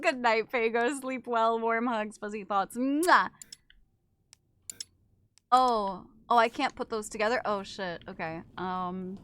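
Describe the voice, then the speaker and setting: A young woman plays a horror game on stream and chats casually with her viewers, cursing often and erupting into screams and laughter. Her voice is on the high side, bright, forceful and clean, at a moderate pace.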